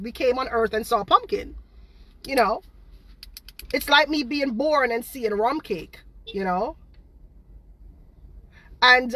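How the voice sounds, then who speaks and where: Bright-voiced woman venting on a stream. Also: on the high side. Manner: exasperated, repetitive, talks straight to viewers. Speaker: home baker and online seller. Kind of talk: live-stream rant to viewers.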